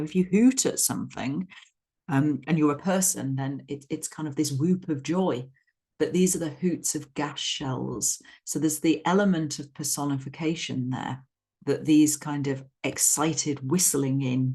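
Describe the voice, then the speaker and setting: An English literature teacher explains a poem loosely, thinking aloud and sometimes chanting the stress patterns to show its rhythm. She has a low, slightly rough voice with a darkish tone.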